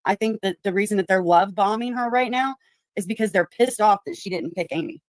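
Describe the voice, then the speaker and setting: A woman's voice: medium pitch, brisk, no room sound. A woman hosting a livestream, giving blunt, profane commentary on clips. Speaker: streamer host.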